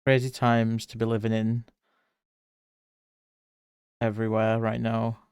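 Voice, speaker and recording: A man's voice: lowish voice, completely flat delivery, a little slow, a little mellow, smooth, dry recording, clean studio sound. A man with a British accent, an art streamer chatting casually with his viewers while he draws. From Britain. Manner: reads chat aloud and answers viewers by name, chatty. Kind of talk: casual livestream chat while drawing.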